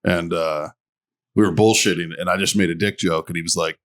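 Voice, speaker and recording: A man's voice: low-pitched, steady tone, fairly quick, a bit bright, a little hiss or hum. A man hosting a podcast, telling loose, profane stories in casual chat and laughing often. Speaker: podcast host. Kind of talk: casual crude banter.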